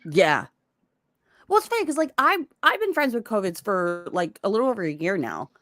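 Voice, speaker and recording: A woman in casual livestream chat, animated and swearing as she tells a story. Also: mid-range voice, fairly quick, no room sound, clean studio sound.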